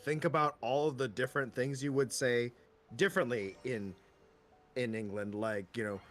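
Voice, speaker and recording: A man's voice: medium pitch, normal speed, a bit bright, soft background music. A man from the United States, a voice actor chatting and joking while streaming a game. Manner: playful, jokey. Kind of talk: casual chat while playing.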